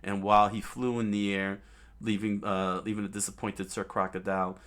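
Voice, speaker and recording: A man casually reading a comic aloud, halting often and restarting his sentences with amused asides. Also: lowish voice, little pitch movement, a bit bright. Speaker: comic reader.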